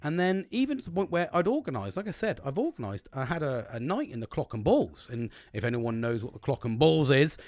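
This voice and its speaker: Sweary British man, lively pitch. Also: a little fast, few pauses, dry recording, clean studio sound. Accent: British English. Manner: heavy swearing, blunt and confessional. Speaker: podcast host. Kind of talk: solo podcast monologue.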